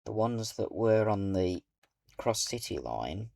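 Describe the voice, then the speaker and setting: A man's voice: on the low side, big pitch swings, gravelly, warm tone, dry recording. A British man giving casual commentary over a train simulator game, thinking aloud as he goes. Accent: British English. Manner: musing aloud, slow and thoughtful. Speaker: gaming video creator.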